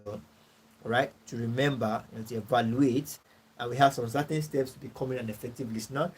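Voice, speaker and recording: A man's voice: medium pitch, fairly even intonation, fairly quick, a little mellow, low-quality recording. Nigerian guy tutor going over notes, keeps saying all right, faint hiss behind, mid voice. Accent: Nigerian English. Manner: repetitive, checks in with "all right" and "you know"; clears throat often. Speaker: course tutor. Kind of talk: classroom lecture.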